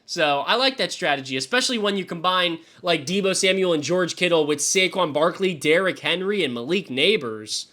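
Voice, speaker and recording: A young male streamer with a bright, fairly high voice talks loosely to his live chat. He swears freely and keeps up an easygoing commentary. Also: animated, moderate pace, hardly any pauses. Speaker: fantasy football streamer.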